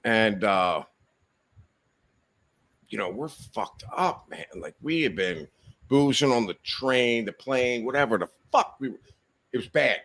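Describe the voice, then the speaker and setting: Speaking a little slowly with long pauses, a man in a mid-range, fairly bright voice animatedly shares rambling, foul-mouthed stories as a podcast guest, chuckling throughout this casual storytelling chat.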